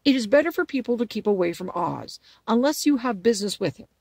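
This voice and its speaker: A woman's voice: on the high side, animated, fast, a little mellow, slightly rough, no room sound. A woman voicing a grave, kindly Munchkin man who speaks earnestly.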